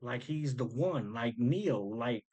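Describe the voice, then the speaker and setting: A man in a relaxed commentary, talking at a middle pitch. He is eager and explanatory and keeps urging the listener to watch and notice the details. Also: slow pace, poor audio. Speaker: host breaking down rap lyrics. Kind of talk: casual commentary.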